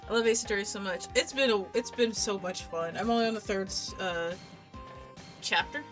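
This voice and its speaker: A woman streamer giving casual commentary while playing, loud and joking, swearing often. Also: medium pitch, normal speed, faint music behind. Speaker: VTuber streamer.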